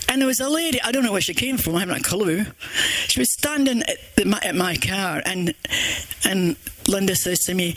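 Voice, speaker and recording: A woman's voice: mid-range voice, expressive, fairly quick, dry recording. An older woman with a Scottish accent giving an earnest, rambling church testimony with many restarts. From Scotland.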